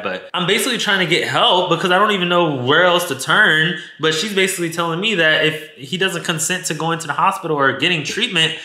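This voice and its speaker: A man's voice: fairly high pitch, expressive, a little fast, few pauses, pushed and bright. A man telling a personal story to his viewers in a candid, emotional way, swearing freely and stumbling over his words. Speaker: storytime vlogger. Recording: echoey room sound.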